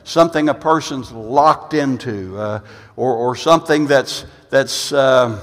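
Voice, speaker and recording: A male pastor preaching a sermon, emphatic, swinging from loud bursts to low asides and repeating phrases as he builds. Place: church sanctuary. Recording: long reverb of a church hall.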